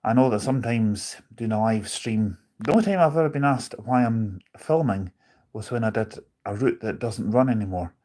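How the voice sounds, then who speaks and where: A man's voice: on the low side, normal speed, a little mellow. A man live streaming from on board a bus, chatting casually, rambling with his opinions and reading out viewer comments.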